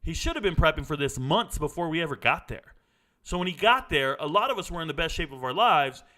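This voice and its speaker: Bright-voiced man telling a blunt story. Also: a little high. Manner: animated, blunt, swears casually. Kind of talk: casual storytelling.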